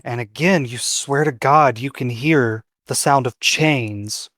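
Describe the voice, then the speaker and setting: A man's voice: mid-range voice, slow, a bit bright, no room sound, clean studio sound. Man narrating as game master. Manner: vivid descriptive storytelling.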